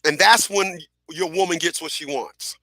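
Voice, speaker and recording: A middle-aged man hosting a radio show, telling stories in a casual, animated way, repeating phrases and acting out what people said. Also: a little high, normal speed, no echo, clean studio sound. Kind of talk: casual storytelling monologue.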